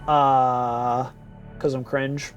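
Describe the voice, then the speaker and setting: A man's voice: mid-range voice, flat delivery, very slow, muffled recording, soft background music. A tired young man streaming live, chatting casually with viewers in a rambling, giggly way and playfully repeating words.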